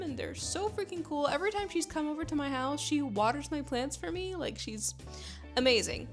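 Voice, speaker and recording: A woman's voice: high-pitched, animated, normal speed, music in the background. A young woman from Panama, a novelist, chatting enthusiastically about her book in a rambling writing vlog from her home computer room.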